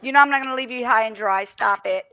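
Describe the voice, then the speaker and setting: A woman's voice: fairly high pitch, quick pace, noisy background. A young woman hosting a live stream in casual, teasing chat, laughing often and talking through a headset.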